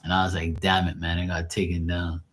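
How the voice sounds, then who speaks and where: A man's voice: low voice, monotone, fairly quick, a bit bright, slight background noise. A man chatting casually on a livestream, telling rambling, profane stories and laughing often. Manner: loose, rambling storytelling with heavy slang and profanity. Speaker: streamer doing live tarot reads.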